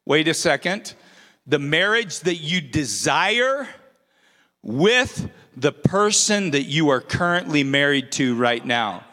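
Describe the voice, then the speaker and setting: A man's voice: fairly high pitch, very animated, takes it slowly, sharp tone. A man in his forties preaching a sermon, earnest and self-deprecating, with playful outbursts. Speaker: pastor. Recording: reverberant hall.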